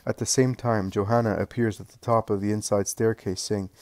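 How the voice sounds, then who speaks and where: A man reading a religious story aloud as narrator, in an even, solemn way. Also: lowish voice, fairly quick, hardly any pauses, dry recording. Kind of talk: scripted narration.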